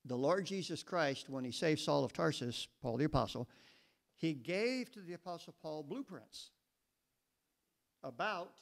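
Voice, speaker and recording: A man's voice: a little high, expressive, a little slow, vocal fry. Man preaching a verse-by-verse sermon. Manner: teaching with questions to the congregation. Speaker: pastor. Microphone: mic he sometimes steps away from.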